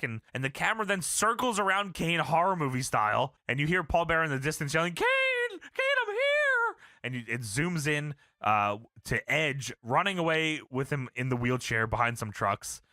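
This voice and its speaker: A podcast co-host with a medium-pitched voice talks briskly, recorded dry in studio quality. He recaps wrestling as an animated storyteller, casual, profane, and laughing.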